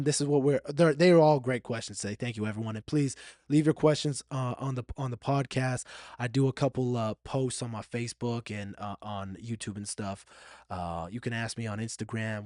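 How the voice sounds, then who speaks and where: Recorded in a dry, studio-quality setting, this solo podcast host has a medium-pitched, somewhat dark voice. His talk is frank and thoughtful, occasionally emotional, with some repetition.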